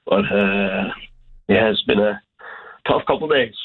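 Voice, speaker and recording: A man's voice: lowish voice, breathy edge. A man, a hockey coach, speaking in a phone interview, hesitant and full of restarts. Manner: halting, many restarts and fillers. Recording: tinny phone line.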